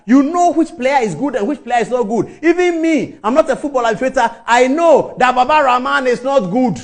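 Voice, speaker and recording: A middle-aged man with a Ghanaian English accent gives fiery, scornful commentary. His voice sits very high and swoops up and down animatedly, and he repeats words to drive each point home. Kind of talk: impassioned commentary.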